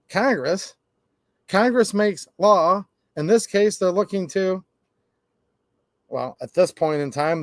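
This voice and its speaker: A man's voice: high-pitched, no echo, studio quality. A man giving a sarcastic opinion monologue on gun laws, acting out both sides of imagined conversations. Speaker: gun rights commentator.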